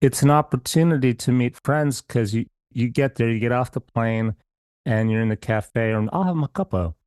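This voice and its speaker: A man's voice: mid-range voice, level tone, normal speed, darkish tone, clean tone, no echo, studio quality. A man hosting a podcast interview, playful and curious, asking many questions. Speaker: podcast host. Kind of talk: casual interview chat.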